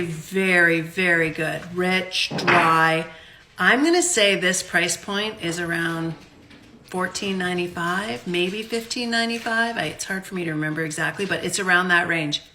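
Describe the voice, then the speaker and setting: Chatty woman with a bright voice. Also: on the low side, slight background noise. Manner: chatty, unscripted, self-deprecating. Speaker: home vlogger reviewing wines. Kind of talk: casual chat. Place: home kitchen.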